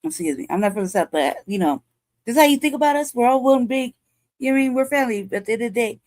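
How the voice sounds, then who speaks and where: A woman's voice: on the high side, expressive, quick pace, a little mellow, no room sound. A woman in her forties from California, hosting a commentary show and ranting angrily with heavy profanity. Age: 40s. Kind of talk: heated livestream commentary.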